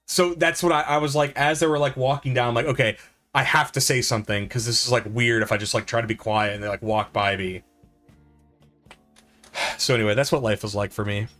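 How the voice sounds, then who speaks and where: A middle-aged man chatting on a live gameplay stream, his voice at an ordinary mid pitch. He rambles through stories with plenty of fillers and pokes fun at himself. Soft game music plays faintly underneath. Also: fairly even intonation, fairly quick. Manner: rambling, self-deprecating storytelling with lots of fillers. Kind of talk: casual live-stream chat over gameplay.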